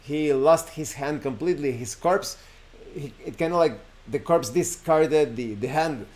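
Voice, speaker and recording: A man with a slightly high, slightly mellow voice speaks a little slowly as he hosts a show. He casually retells a horror folk tale, rambling and correcting himself with frequent fillers.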